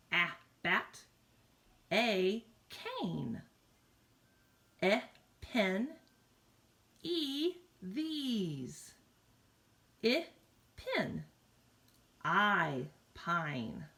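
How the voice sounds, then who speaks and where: A woman teaching kindergartners phonics, slowly drawing out vowel sounds in an encouraging, sing-song way and speaking straight to the children. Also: medium pitch, a bit bright. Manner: encouraging, talks directly to children. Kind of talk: recorded morning meeting lesson for young children.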